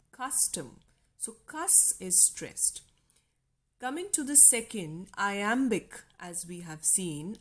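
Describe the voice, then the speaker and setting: A woman with an Indian English accent giving a recorded literature lecture, slowly sounding out stressed and unstressed syllables. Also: medium pitch. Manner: slow, deliberate, stresses syllables aloud.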